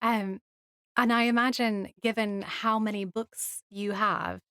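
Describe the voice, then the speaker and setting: A woman interviewing a guest in a studio, asking gentle questions and giving short encouraging prompts. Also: mid-range voice, fairly even intonation, a little slow, smooth, dry recording. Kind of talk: casual interview chat. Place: recording studio.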